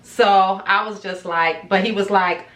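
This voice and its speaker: A woman's voice: mid-range voice, steady tone, a little slow, a bit bright. Woman, casual vlog storytelling, dramatic retelling, echoey room. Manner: chatty, dramatic retelling with quoted voices. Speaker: vlogger telling her own story.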